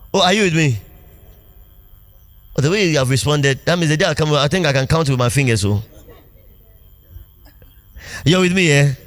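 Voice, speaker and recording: A pastor preaching a sermon in a church, animated, laughing often and asking the congregation questions. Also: male voice, fairly high pitch. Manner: call-and-response preaching, asks congregation questions.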